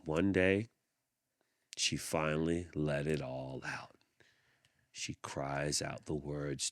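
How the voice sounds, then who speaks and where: A man hosting a podcast, reading a picture book aloud with expressive storytelling and thoughtful hums. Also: a bass voice, slow pace, pauses often, no room sound, studio quality. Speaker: podcast host.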